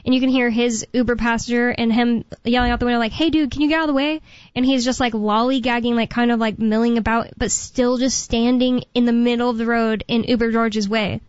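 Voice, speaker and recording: A woman's voice: on the high side, flat delivery, brisk, hardly any pauses, clear, resonant tone, dry recording. Chatty woman radio co-host. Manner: chatty, many fillers, retells stories with voices. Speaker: radio talk show co-host. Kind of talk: casual radio chat. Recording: dull dry studio sound.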